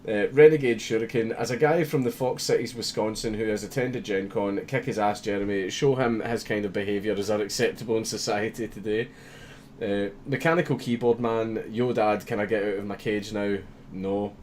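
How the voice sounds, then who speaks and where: A man's voice: on the low side, fairly even intonation, fairly quick, darkish tone, a little hiss or hum. A young man hosting a livestream, reading viewer messages aloud with constant swearing and frequent laughter. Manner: swears constantly, laughs often, mock-reads comments. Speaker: livestream host.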